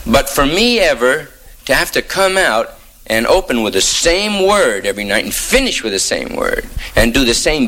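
A man doing a stand-up monologue, talking in hip slang and riffing with sudden jumps in pitch. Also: sharp tone, poor audio. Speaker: stand-up comedian.

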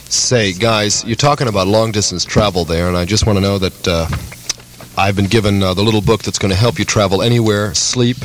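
A lower-pitched man riffs through an improvised comedy routine in a flat, deadpan way. His patter wanders and stalls on fillers as he spins absurd stories. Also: brisk, slight background noise, low-quality recording. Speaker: comedy performer. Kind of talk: improvised radio comedy banter.

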